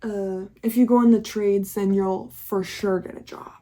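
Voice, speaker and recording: A woman's voice: medium pitch, fairly even intonation, moderate pace, dark tone. A young woman talking candidly in a casual confessional vlog, chatty and full of swearing and laughter. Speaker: YouTuber.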